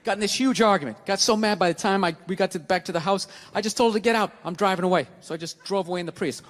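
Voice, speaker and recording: A man's voice: high voice, fast talker. A middle-aged man doing stand-up, telling a profane, self-mocking story in a ranting style. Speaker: stand-up comedian. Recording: long hall reverb, faint noise.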